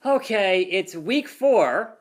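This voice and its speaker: A young gaming YouTuber plays a wrestling video game in a let's play, reading the game's dialogue aloud and narrating the action like a commentator, complete with loud whoops. His voice is high and animated, though his pace is slow.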